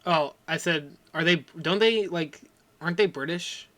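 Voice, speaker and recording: A podcast co-host who chats casually, jokes around, laughs a lot and is quick to chime in. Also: medium pitch, pushed and bright.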